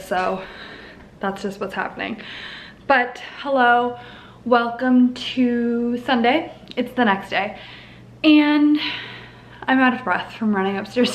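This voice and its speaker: A woman in her twenties chatting casually to her own camera as a vlogger, rambling with plenty of "like" and "um". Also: a little high. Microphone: handheld compact camera.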